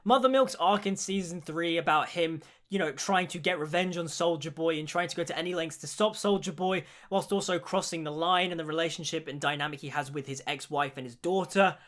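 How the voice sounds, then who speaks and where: A man's voice: on the high side, brisk, hardly any pauses, fairly bright tone. A young man giving an enthusiastic spoken review of a TV series, gushing with praise. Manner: gushing, repeats "genuinely". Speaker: show reviewer.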